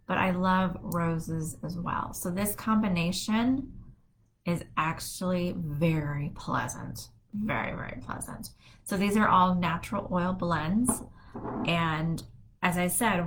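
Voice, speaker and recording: A middle-aged woman hosts a wellness podcast from her home office, her fairly low, fairly bright voice captured in a rough recording. She talks casually on her own, rambling and using plenty of fillers.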